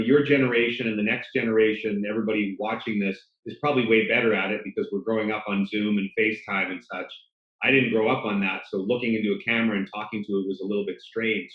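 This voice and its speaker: Low-voiced man, roomy lo-fi sound. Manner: storytelling, self-deprecating, animated. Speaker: sports broadcaster, guest. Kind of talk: casual interview chat.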